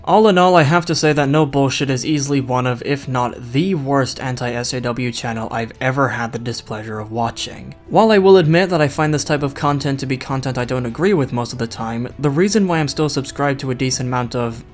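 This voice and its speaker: A man's voice: mid-range voice, fairly quick, few pauses, soft background music. A young man delivering a scripted video critique, sarcastic and mocking. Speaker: YouTube critic.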